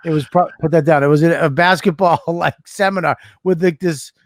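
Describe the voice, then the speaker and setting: A man with a Boston accent telling a lively story in casual podcast chat, laughing as he goes. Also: fairly high pitch, fairly quick. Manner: animated, laughs while telling stories. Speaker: podcast co-host.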